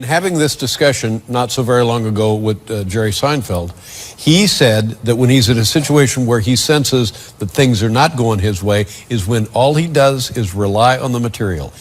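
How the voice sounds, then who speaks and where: Measured male talk-show interviewer. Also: medium pitch, some chatter behind. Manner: measured, probing questioning.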